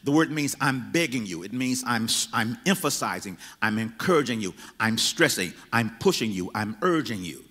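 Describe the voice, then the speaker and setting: Male pastor, mid-pitched, preaching an emphatic, repetitive sermon, church hall reverb. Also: lively intonation, moderate pace, few pauses, fairly bright tone, breathy edge. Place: church sanctuary.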